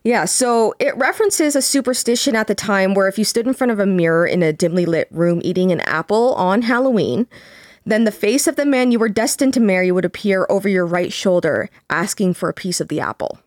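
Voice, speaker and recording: A young woman co-hosting a casual podcast, calmly reading from articles and quotes with small fillers. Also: medium pitch, no room sound, studio quality. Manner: measured, reads quotes aloud with fillers. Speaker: podcast co-host.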